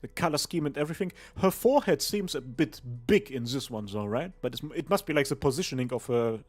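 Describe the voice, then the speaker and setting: A man's voice: mid-range voice, lively intonation, quick pace, faint music behind. A young man streaming a video game, giving crude, joking commentary and laughing often. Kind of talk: casual game livestream commentary.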